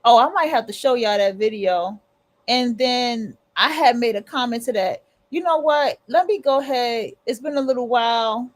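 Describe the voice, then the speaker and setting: High-pitched woman ranting casually on her livestream, rambly, cusses a lot. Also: normal speed. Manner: rambling, conversational, with frequent restarts and profanity. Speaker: livestream host.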